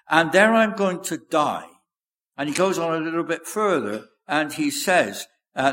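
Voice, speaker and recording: A man preaching a sermon in a measured, earnest way, quoting scripture aloud. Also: on the high side, fairly bright tone. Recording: echoey hall with long reverb.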